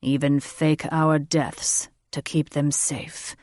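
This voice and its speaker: A large, protective old dragon grandfather, voiced by a woman speaks slowly and calmly with a wry edge. His voice is a touch low and sits close and dry. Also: no room sound.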